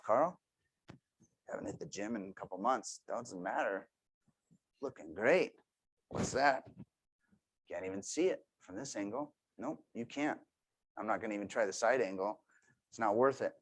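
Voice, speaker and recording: A man in his thirties giving a motivational talk to a team, telling stories with quiet asides and sudden loud bursts. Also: lowish voice, animated, a little slow, pauses often, husky. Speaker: motivational speaker.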